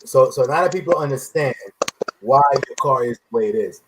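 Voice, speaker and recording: A man's voice: mid-range voice, expressive, normal speed. A man hosting a casual car podcast, eagerly setting up questions and tripping over repeated words. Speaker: podcast host. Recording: noisy recording.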